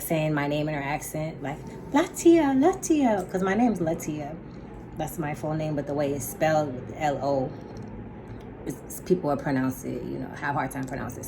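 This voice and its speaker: A woman with a notably low voice tells a story in a loose, chatty way. She leans hard on her words and drops slangy asides. Faint background noise sits under her voice. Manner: animated, emphatic retelling with laughs and slang asides. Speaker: storyteller vlogger. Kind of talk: casual storytime.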